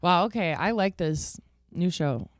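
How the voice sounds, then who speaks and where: Young female podcast guest, playful and joking, lively pitch, dry studio sound. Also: no echo. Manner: playful, joking, quick laughs. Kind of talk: casual chat. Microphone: studio mic.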